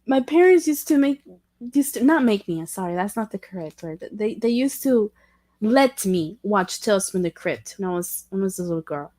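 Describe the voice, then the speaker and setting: A woman hosting a casual livestream chat with viewers, talking in a halting way with many restarts and self-corrections, candid and self-deprecating. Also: mid-range voice, expressive, mellow, dry recording. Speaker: livestream host chatting with viewers.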